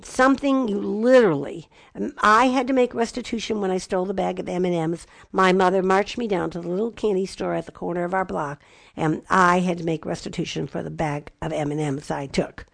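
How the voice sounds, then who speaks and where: A middle-aged woman teaching about marriage, slow and emphatic, with playful asides. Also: fairly low pitch, fairly even intonation, creaky, dry recording. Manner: slow emphatic delivery, spelling words out. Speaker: Bible teacher. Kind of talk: teaching talk.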